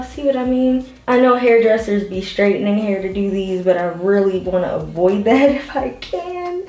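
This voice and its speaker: A woman's voice: on the high side, darkish tone. A young woman chatting casually to her viewers while doing her hair, a little out of breath, with laughing asides. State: a bit out of breath from styling. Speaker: beauty vlogger. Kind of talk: casual hair vlog talking to camera. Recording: roomy echo.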